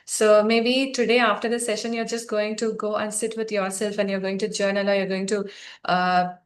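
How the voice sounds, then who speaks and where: A woman facilitating a guided healing session, speaking softly, gently and encouragingly to her group. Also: medium pitch, level tone, moderate pace.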